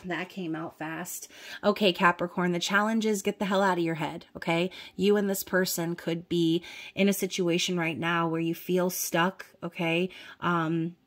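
A woman's voice: lowish voice, level tone, moderate pace. A woman giving a casual, chatty tarot reading, talking straight to the viewer, blunt at times and often checking in with "okay?". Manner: chatty, peppered with "okay?" and fillers. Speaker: tarot reader.

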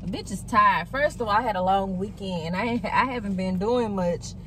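A woman's voice: mid-range voice, a little fast, fairly bright tone, recorded from a distance, a little hiss or hum. A middle-aged woman vlogging casually while driving, candid and chatty, swearing freely. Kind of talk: casual vlog talk. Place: in a car, driving.

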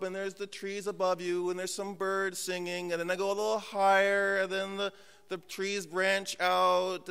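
A man with a high, bright and very clear voice preaches a sermon from a church pulpit. He tells self-mocking stories with humor, then slows to a hushed, deliberate weight on key words. A long hall reverb trails behind his voice. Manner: humorous, self-mocking storytelling that drops to slow, hushed emphasis. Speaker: pastor. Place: church sanctuary.

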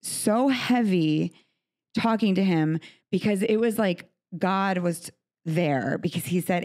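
A woman host speaks in a heartfelt, earnest way in a studio conversation. Her voice sits a little low for a woman. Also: slow, a little mellow. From United States. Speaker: podcast host. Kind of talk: emotional interview conversation. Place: recording studio.

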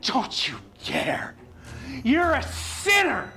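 An actor playing a furious religious father, shouting with a put-on Southern accent that slips in and out. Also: very high voice, huge pitch swings, drawn-out words, whispered, full character voice. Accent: put-on Southern US, slipping. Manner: shouting, ranting. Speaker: actor in a web skit.

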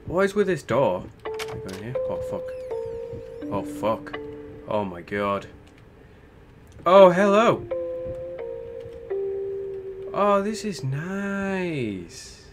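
A man's voice: a little high, big pitch swings, very slow, long pauses. A man commentating a horror game playthrough, jumpy and swearing often, with frightened exclamations. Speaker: gameplay commentator. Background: game music.

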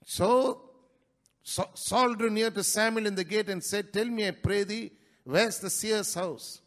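A male pastor preaching a sermon in a church, breaking into sudden loud rises and dropping into quick, quieter asides. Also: sits high. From India.

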